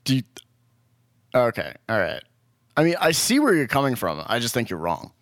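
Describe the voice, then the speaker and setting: A young man with a medium-pitched voice pushes back in casual chat, skeptical and teasing. His intonation is lively and varied. The recording is dry and close. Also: normal speed, no room sound.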